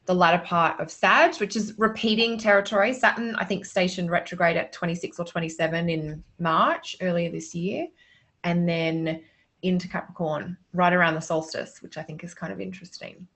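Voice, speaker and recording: A woman's voice: lowish voice, fairly even intonation, normal speed, a bit bright. A woman astrologer chatting casually and enthusiastically on a podcast. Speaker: astrologer guest. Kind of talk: casual chat.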